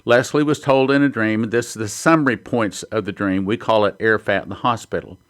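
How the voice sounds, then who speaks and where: A man's voice: on the low side, fairly even intonation, fairly quick, a bit bright. A man hosting a prophecy ministry, teaching in a sermon style and reading headlines and quotes aloud earnestly.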